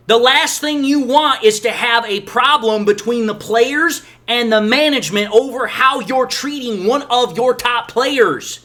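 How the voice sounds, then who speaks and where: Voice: mid-range voice, unhurried, few pauses, a bit bright. A sports channel host giving emphatic, exasperated opinion commentary on football. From Detroit area, USA.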